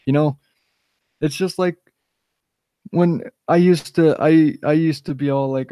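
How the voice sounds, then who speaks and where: A man's voice: a little high, fairly even intonation, moderate pace, a little mellow, clear, resonant tone, no echo. A young man rambling through an opinionated rant on his own live stream, stoned, with lots of restarts and filler. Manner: opinionated, rambling, frequent restarts and "you know". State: high on cannabis. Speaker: channel host live-streaming. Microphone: desk microphone.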